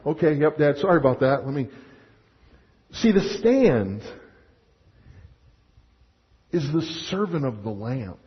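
A male pastor preaching a sermon in an animated way, acting out little scenes and restarting his sentences. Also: a little high, normal speed. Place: church sanctuary. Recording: muffled sound with long hall reverb.

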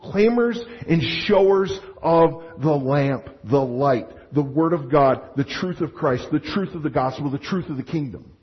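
A male pastor preaching a sermon in an animated way, acting out little scenes and restarting his sentences. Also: a little high, measured pace, few pauses. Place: church sanctuary. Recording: muffled sound with long hall reverb.

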